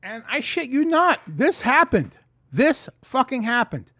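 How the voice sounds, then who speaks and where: Man, animated and swearing a lot, talking straight into a close mic, dry sound. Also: extremely high pitch, measured pace, dry recording. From New York. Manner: profane, animated storytelling. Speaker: vlogger. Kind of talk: casual storytelling vlog. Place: room at home. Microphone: close mic in front.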